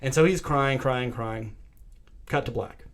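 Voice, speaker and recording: A young adult man co-hosting a podcast, retelling a movie plot in a casual, animated way and acting out the quotes. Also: medium pitch, measured pace. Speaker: podcast co-host. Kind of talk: casual movie recap chat.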